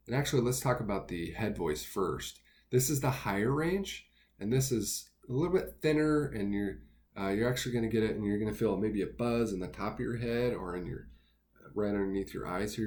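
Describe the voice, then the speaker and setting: A man teaching singing basics in a relaxed, step-by-step way, pausing with fillers between his explanations. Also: on the low side. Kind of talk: instructional talk with sung demos.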